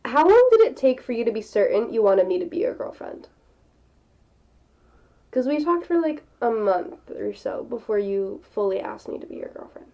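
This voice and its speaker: Podcast host, a woman with a mellow, warm voice, playful and giggly interviewer. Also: a little high, sing-song, moderate pace, creaky, lo-fi sound. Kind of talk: casual interview.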